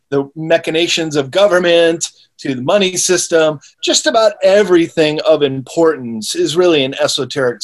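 Male author talking steadily in an interview. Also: fairly high pitch. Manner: steady and explanatory, with small restarts. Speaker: author and guest.

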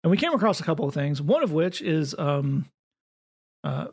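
Gravelly Southern man, wry podcast host. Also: a little high, big pitch swings, darkish tone. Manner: quick, wry, with frequent restarts. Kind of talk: casual comedic chat.

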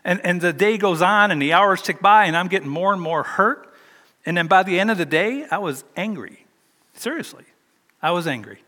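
A man's voice: high voice, expressive, normal speed, bright, forceful tone, big-room sound. An older man preaching a sermon, telling a personal story in a chatty, self-deprecating way. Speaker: pastor.

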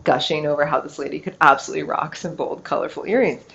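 A middle-aged woman hosting a casual storytelling podcast, chatty and animated, leaning on "like" a lot. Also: deep voice, fast talker, creaky. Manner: chatty, animated, heavy use of "like". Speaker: podcast host. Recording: slightly dull lo-fi recording with faint noise.

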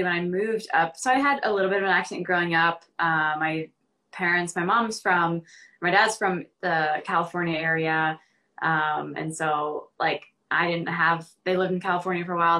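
A young woman from Arkansas talks as a podcast guest, loose and earnest, leaning on ums and likes. Her voice sits a little low but sounds bright and forward. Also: steady tone, moderate pace. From Central Arkansas. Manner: earnest, many ums and likes, laughs easily. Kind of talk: casual podcast conversation.

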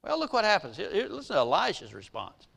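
A man preaching a sermon, retelling scripture in an animated storytelling way and acting out its people. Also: high-pitched, fast, gravelly, husky. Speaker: pastor.

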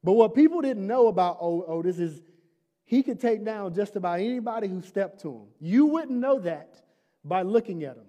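A man's voice: high voice, lively intonation, moderate pace, mellow. A man preaching a sermon as pastor, conversational and humorous, asking the congregation questions and building to emphatic repeated lines.

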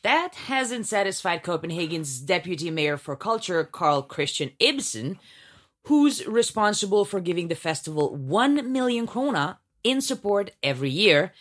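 A woman's voice: fairly low pitch, big pitch swings, moderate pace. A woman co-hosting a news podcast with a wry, teasing delivery. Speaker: podcast co-host.

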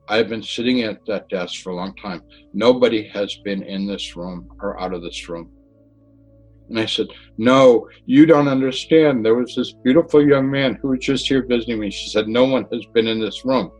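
A man's voice: medium pitch, husky, poor audio. A man telling a personal story with lots of back-and-forth dialogue, restarting his sentences as he goes. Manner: animated retelling with dialogue and restarts. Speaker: interviewee telling a near-death story.

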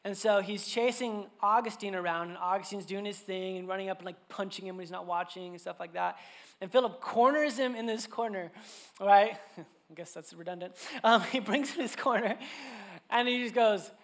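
A man in his thirties preaching a sermon to a church congregation, telling family stories in a casual, animated way full of fillers. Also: sits high, normal speed. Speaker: pastor.

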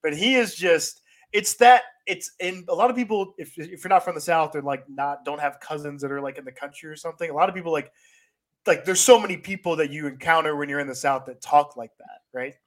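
Male podcast host, slightly higher voice, relaxed chatty delivery. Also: brisk. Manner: loose and conversational, many fillers and restarts. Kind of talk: casual sports-tech chat.

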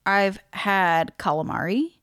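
A woman's voice: mid-range voice, slow pace, a bit bright, clean tone, no room sound, studio quality. Chatty wry woman podcast host. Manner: chatty, wry, laughs easily, reads notes aloud with asides. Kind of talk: casual chat, reading research aloud.

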